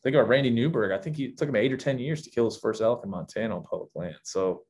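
A man's voice: mid-range voice, quick pace, darkish tone. A man talking as a podcast guest, candid and reflective, often restarting his sentences. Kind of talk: casual podcast chat.

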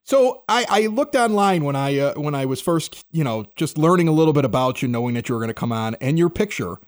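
A man's voice: a little high, expressive, a little fast. A man in his fifties from the Chicago area, hosting a casual radio interview show in an upbeat, chatty way.

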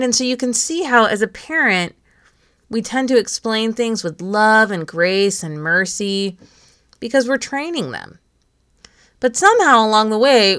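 A woman in her thirties hosting a podcast, giving an encouraging self-help talk in a gentle coaching manner straight to the listener. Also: mid-range voice, no room sound, clean studio sound. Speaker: podcast host.

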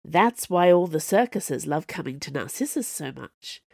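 A woman voicing a calm, knowing retired woman assassin in an audiobook, speaking gently. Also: low-pitched, normal speed, vocal fry, dry recording, clean studio sound, exaggerated voice.

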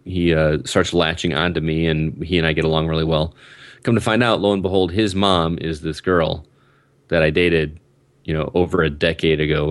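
A man in his thirties with a very low, deep voice tells a winding personal story in casual chat. He keeps stopping and restarting his sentences and fills the gaps with ums. The sound is dry and close, with almost no room echo. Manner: rambling, self-interrupting storyteller with frequent ums. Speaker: guest telling a personal story. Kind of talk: casual conversation.

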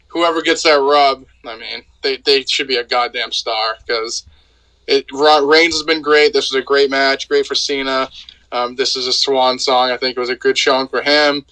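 A man's voice: fairly high pitch, bright, forceful tone, poor audio. A man co-hosting a casual wrestling chat, blunt and saying "like" constantly. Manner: filler-heavy, says "like" a lot, blunt. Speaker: co-host.

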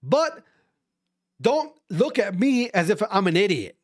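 A man's voice: sits high, big pitch swings, measured pace, no room sound, clean studio sound. A man in a casual, profane ranting monologue, repeating his points emphatically and mocking others' views sarcastically. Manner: sarcastic, mimics others' voices mid-rant.

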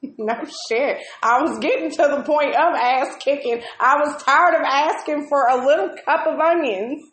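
A woman's voice: sits high, moderate pace, fairly bright tone. A woman, telling stories in a casual chat, swearing constantly and ranting in exasperation. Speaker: co-host of a live video chat. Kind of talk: casual profane storytelling. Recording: roomy echo.

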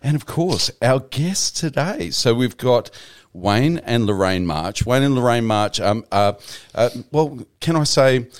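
A man's voice: medium pitch, animated, a little slow, hardly any pauses, clean tone, dry recording, clean studio sound. A man hosting a casual podcast interview, joking, restarting and filling with ums as he talks. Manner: chatty, jokey, with many restarts and fillers. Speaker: podcast host.

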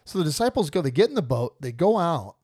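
A man's voice: fairly high pitch, big pitch swings, quick pace, a little mellow, no room sound, clean studio sound. A man hosting a podcast, casually retelling and joking about a Bible story with lots of laughs. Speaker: podcast host.

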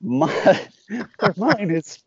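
Interviewed about his cartoons, a man talks casually and rambles, frequently breaking off to act out small quoted exchanges. His high voice is animated yet extremely slow, and the sound is lo-fi.

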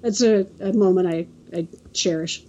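Halting storyteller woman from California, mellow voice. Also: lowish voice, highs cut off. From California Central Coast. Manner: halting, restarts often, acts out quotes. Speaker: interview guest. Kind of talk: casual storytelling.

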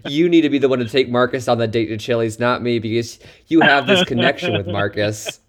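A man's voice: mid-range voice, lively intonation, a little fast, a bit bright. A man hosting a podcast, asking questions and teasing in an amused, casual way.

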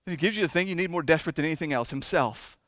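A man preaching a sermon in a church, impassioned and repetitive, moving between hushed and loud delivery. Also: fairly high pitch, rapid-fire, no echo, clean studio sound. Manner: chokes up with emotion. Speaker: pastor. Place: church sanctuary.

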